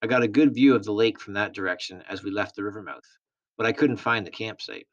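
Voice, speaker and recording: Lower-voiced man reading a novel. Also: fairly even intonation, fast, muffled recording. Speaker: reader.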